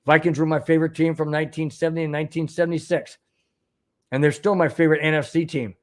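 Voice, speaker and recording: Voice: mid-range voice, fairly even intonation, fast talker, darkish tone. An older sports podcast host giving opinionated commentary, reading news aloud with indignant exclamations and repeated phrases.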